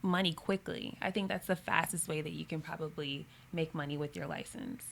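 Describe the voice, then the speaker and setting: A woman's voice: deep voice, steady tone, a little fast, gravelly, fairly bright tone, a little hiss or hum. A woman guest on a podcast interview, giving earnest real estate advice with frequent ums and you-knows. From Houston, Texas. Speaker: realtor guest.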